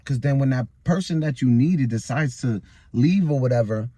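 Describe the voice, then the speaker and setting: A frustrated young man venting to his phone outdoors, rambling and circling back on his own words. His voice sits at an ordinary middle pitch, and his talk is loose, repetitive and heated. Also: moderate pace, dark tone, no room sound. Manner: frustrated, rambling, repeats himself. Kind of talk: venting vlog monologue. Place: outdoors in a busy public area.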